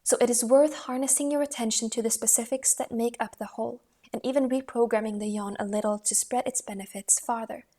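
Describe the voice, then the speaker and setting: A woman reading a voice-training book aloud in a calm, measured way, with the occasional restart. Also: a little high.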